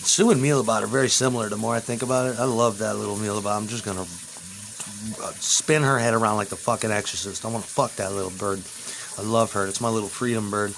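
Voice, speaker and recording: A man rambles crudely in a home vlog, his voice at an ordinary middle pitch. He lurches from loud bursts to low muttering, with a faint hiss of background noise behind him. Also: rough recording.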